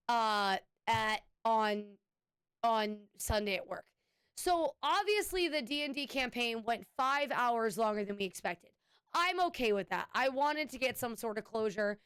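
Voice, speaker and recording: A woman streamer with a fairly high, lively voice chats casually with her viewers at a measured pace, rambling, restarting sentences, saying "anyway" often and thanking subscribers. Her tone is a bit bright, clear and resonant, recorded with studio quality and no echo.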